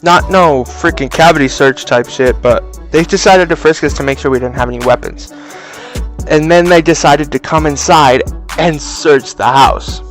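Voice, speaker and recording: A young man casually telling a story for a vlog, animated and swearing freely, on a cheap mic. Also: a little high. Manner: animated, profane, acts out voices. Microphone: cheap low-quality mic.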